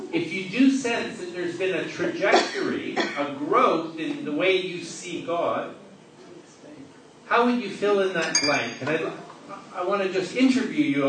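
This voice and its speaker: A preacher gives an interactive sermon to a live audience in a large hall, playfully joking as he questions people in the room. His high voice has lively intonation and an unhurried pace. The recording is distant, echoey and noisy.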